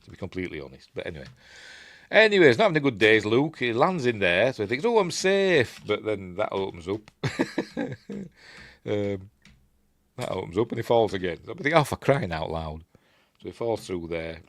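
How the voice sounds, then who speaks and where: Chatty Yorkshire man, lively low voice. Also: a little fast, no echo, studio quality. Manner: rambling, chuckling asides, playful impressions of characters. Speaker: film reviewer. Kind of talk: casual film commentary.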